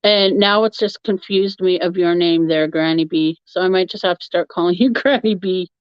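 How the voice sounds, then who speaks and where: A woman's voice: lowish voice, moderate pace, clear, resonant tone, no room sound. A woman hosting a live stream, chatting casually with her viewers and laughing often as she rambles. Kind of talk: casual chat answering a live chat. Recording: dull, lo-fi, dry sound.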